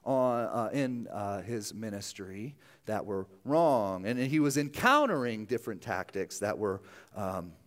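A man's voice: lowish voice, expressive, unhurried. Man preaching a casual, chatty sermon. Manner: conversational, self-deprecating, many asides. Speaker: pastor.

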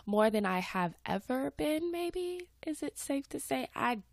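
A woman's voice: high voice, a little slow, creaky, dry recording, studio quality. A woman in her twenties from Atlanta, with a light Southern accent and a slightly stuffed-up voice, hosting her podcast in an upbeat, chatty way. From Atlanta, Georgia, USA. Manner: chatty and upbeat, with a lively, swooping delivery. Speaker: podcast host. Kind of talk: casual chat.

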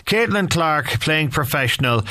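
A man's voice: a little high, lively intonation, unhurried, bright, forceful tone. Male radio host, casual chat, rambling curious questions.

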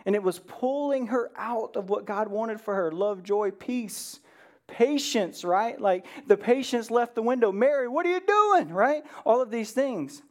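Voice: medium pitch, unhurried, darkish tone. A pastor preaching a conversational sermon, earnest, who often checks in with "right?" and briefly acts out the words of Bible figures.

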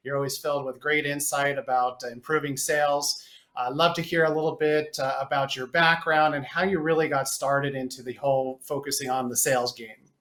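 A man's voice: medium pitch, flat delivery, fairly quick, a bit bright. A man hosting an interview podcast, introducing his guest with admiration. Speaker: podcast host. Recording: echoey room.

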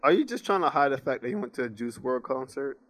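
A man's voice: mid-range voice, expressive, quick pace, a bit bright. A young man in casual chat, teasing his friend with slangy banter.

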